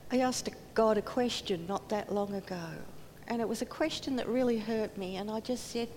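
The darkish-toned voice of a woman preacher carries an earnest sermon at normal speed. She acts out quoted voices and drops nearly to a whisper, and the room adds hall reverb with a faint rumble.

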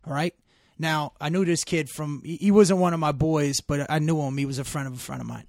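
A man's voice: fairly high pitch, a little fast, a little mellow, dry recording, clean studio sound. A man telling stories in casual chat, emphatic and full of profanity.

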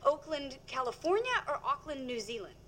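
A woman's voice: high-pitched, sing-song, fairly quick, rough recording. An actress playing a flustered, anxious young girlfriend in a sitcom. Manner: anxious, incredulous. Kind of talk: sitcom acting. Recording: TV clip with background noise.

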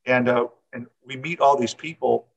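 A man's voice: medium pitch, fairly even intonation, moderate pace, creaky, husky, dull audio. A middle-aged man who coaches, telling a personal story in an interview, rambling and repeating words with many fillers.

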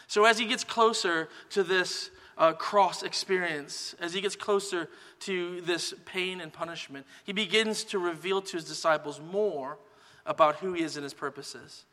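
A man preaching a sermon as pastor, in a relaxed conversational teaching manner. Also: high voice, normal speed, hardly any pauses, in a large hall. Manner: relaxed conversational teaching, many "kind of" hedges.

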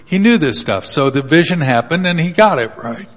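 A man's voice: fairly high pitch, expressive, moderate pace. A man preaching a sermon in a casual, joking way, retelling Bible passages with little acted quotes. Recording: long hall reverb.

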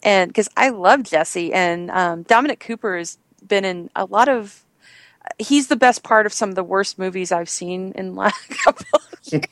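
A woman's voice: mid-range voice, moderate pace, fairly bright tone, dry recording. A woman hosting a casual entertainment news chat, enthusiastic and rambling, with frequent fillers. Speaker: host.

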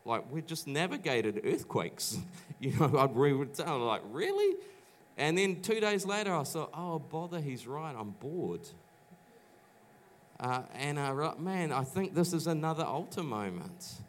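A middle-aged New Zealand pastor preaches a sermon in a church auditorium, sharing personal testimony through chatty storytelling full of restarts and acted-out quoted voices. His voice sits fairly high with lively intonation, moving at a normal speed with few pauses.

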